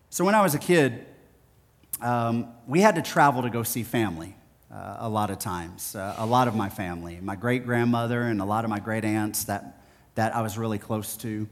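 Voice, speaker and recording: A man from Texas preaching a sermon, telling stories in a playful, animated way. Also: lowish voice, in a large hall. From Houston, Texas. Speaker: pastor.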